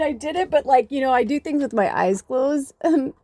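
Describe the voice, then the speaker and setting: A woman giving a casual tarot reading, chatty and rambling, swearing casually and sometimes dropping into soft whispers. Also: sits high, lively intonation, moderate pace. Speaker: tarot reader and medium.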